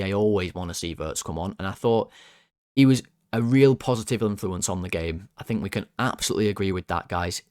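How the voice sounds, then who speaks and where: A man hosts a football fan channel and talks casually through player ratings, joking and drifting off topic. His voice sits a little low. The sound is dry and close. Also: dry recording. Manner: chatty, joking, rambles off topic.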